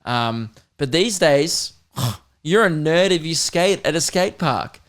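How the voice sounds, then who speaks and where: A man's voice: a little high, expressive, slow, fairly bright tone. A young man hosting a podcast, telling a comic story in a casual, profane and laughing way with mock outrage. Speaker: podcast host.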